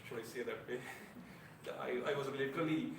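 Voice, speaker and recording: A man addresses a club meeting as its speech evaluator, speaking frankly and earnestly with a dash of self-mocking humor. His voice sits at an ordinary middle pitch and comes from some distance away, in a roomy, echoing meeting room with a faint hum of ambience behind him. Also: moderate pace, vocal fry. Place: air-conditioned meeting room.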